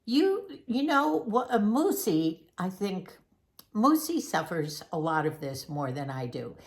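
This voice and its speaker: A woman's voice: lowish voice, sing-song, unhurried. A woman in her eighties hosting a family vlog, chatting and rambling through stories about her family. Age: 80s. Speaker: vlog host, mother. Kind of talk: casual family chat.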